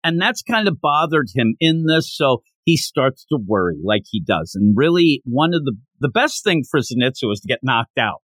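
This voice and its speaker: Lively man retelling manga chapters. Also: mid-range voice, moderate pace, few pauses, no room sound. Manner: animated retelling with acted-out quotes. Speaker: podcast co-host. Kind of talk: casual manga discussion.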